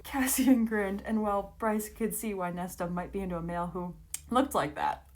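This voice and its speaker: A young adult woman reading a fantasy novel aloud and reacting in an excitable, gushing way, breaking into laughter often. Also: medium pitch, normal speed. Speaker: book vlogger.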